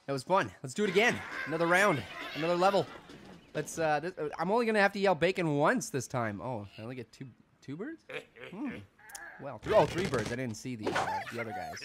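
A young man hosting a video game let's play, rambling goofily and suddenly yelling a silly word. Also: a little high, wildly swooping pitch, brisk, background noise. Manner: goofy, rambling, randomly yells a silly word. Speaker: gaming channel host.

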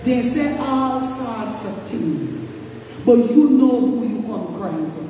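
A woman minister delivers a fervent sermon, circling back to the same phrases and calling out to the congregation. Her voice is mellow and unhurried. She is picked up from a distance in a long-echoing church hall with a faint hiss behind her. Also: on the high side. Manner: fervent repetitive preaching, calls out to the congregation. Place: church sanctuary. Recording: echoey hall, distant mic, faint noise.

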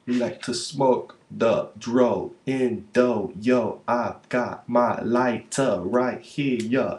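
A man's voice: on the low side, background noise. A man vlogging in a rambling, profane, slangy way. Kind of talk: rambling casual monologue to camera.

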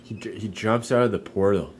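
A man's voice: lowish voice, a little fast, darkish tone, slight background noise. A young man giving casual, profane gameplay commentary, laughing often and musing aloud as he plays. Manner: swears freely, laughs often, muses aloud. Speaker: let's play streamer.

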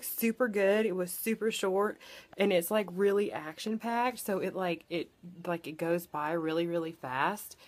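A woman's voice: medium pitch, darkish tone. A young woman vlogger casually recapping a short film, chatty and full of fillers, with some swearing. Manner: chatty, filler-heavy retelling with lots of "like" and swearing.

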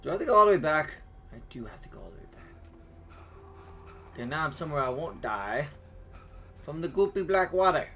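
Excitable young gamer guy with a lively voice. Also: fairly high pitch, fairly quick, pauses often. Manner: excitable, yelps and shouts at enemies. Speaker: gaming YouTuber. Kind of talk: casual gameplay commentary.

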